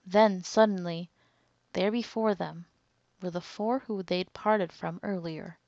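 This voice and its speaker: A woman hosting a let's play, reading the game's text aloud in a measured way with lively asides, on a dull, dry recording. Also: lowish voice, no room sound.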